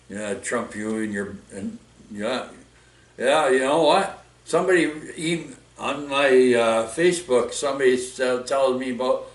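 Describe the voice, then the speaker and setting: Rambling Canadian man in an echoey room. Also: medium pitch. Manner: rambling, full of fillers and restarts, says "friggin'" and "eh". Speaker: vlogger. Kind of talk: casual rambling rant. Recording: echoey room, mic far off.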